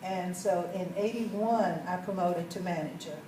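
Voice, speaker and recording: A woman's voice: fairly low pitch, unhurried, noisy background. Give me a folksy woman speaking to a group, heard far off in a roomy space. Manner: folksy, chatty, asks the audience questions. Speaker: sales manager telling her story. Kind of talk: storytelling talk to a group. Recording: echoey room, mic far off.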